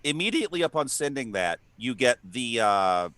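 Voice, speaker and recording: A man's voice: mid-range voice, sing-song, moderate pace, a bit bright, no echo. A man running a tabletop role-playing game as game master, talking with frequent ums and uhs. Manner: hesitant, lots of ums and uhs.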